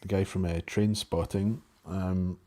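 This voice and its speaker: A man's voice: deep voice, steady tone, a little slow, dark tone. A man from Scotland with a Scottish accent, a guest on a livestream discussion, who talks hesitantly and searches for his words.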